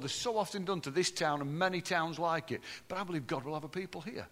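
A man preaching a sermon to a congregation, swinging between loud, lively passages and low, hushed ones. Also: fast talker, few pauses. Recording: long hall reverb.

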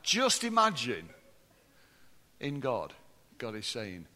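A man preaching a sermon to a congregation, swinging between loud, lively passages and low, hushed ones. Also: moderate pace. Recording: long hall reverb.

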